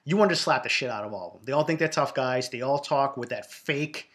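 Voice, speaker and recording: A Boston man with a Boston accent delivers a casual, profanity-laced rant about reality shows. He is blunt and ranting throughout. His voice is bright and forceful, at an ordinary middle pitch. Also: brisk. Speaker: reality TV reviewer.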